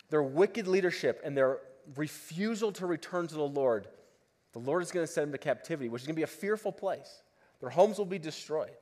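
A man preaching a sermon, his voice pitched high and leaping up and down in wide swings. He pleads with his listeners, pressing hard on some phrases and dropping to a hush on others. He speaks as a pastor addressing a congregation in church. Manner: impassioned, pleading, swings from loud emphasis to hushed asides.

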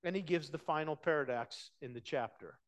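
Speaking briskly, a male pastor delivers a conversational sermon that alternates between quiet, low stretches and loud, emphatic moments.

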